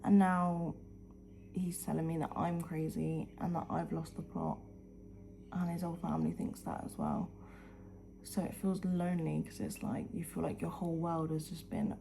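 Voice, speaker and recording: A woman's voice: fairly low pitch, moderate pace, gravelly, long pauses, warm tone, a little hiss or hum. A woman at home in the early morning, talking earnestly to camera in a motivational vlog and often dropping to a whisper. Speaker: vlogger. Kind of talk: heartfelt motivational talk to camera.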